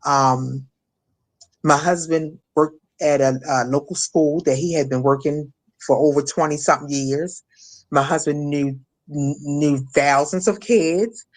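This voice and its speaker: Middle-aged woman, interview guest, halting speech, restarts and fillers, personal testimony. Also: low-pitched, steady tone. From Maryland.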